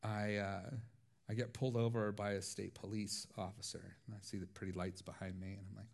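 A man preaching a sermon, telling stories in a lively, laughing way. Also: on the low side, brisk, gravelly. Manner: animated storytelling with frequent laughs. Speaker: pastor.

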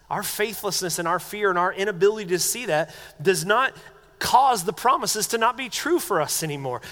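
Middle-aged guy preaching in a church, earnest and chatty, voice sits up high, big reverb hanging off it. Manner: earnest, conversational, drops to soft quiet tones. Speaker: pastor. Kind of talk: sermon. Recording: long hall reverb.

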